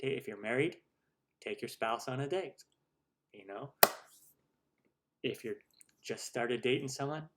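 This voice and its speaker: A man's voice: mid-range voice, a little slow, pauses often, very noisy. A middle-aged man hosting a cooking live stream, chatting casually and rambling with many restarts as he answers viewer questions.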